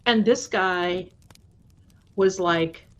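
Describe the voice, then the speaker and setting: A woman with a fairly low voice speaks very slowly while hosting a live stream, chatting warmly with her viewers and casually telling spooky stories. The stream audio is dull and lo-fi.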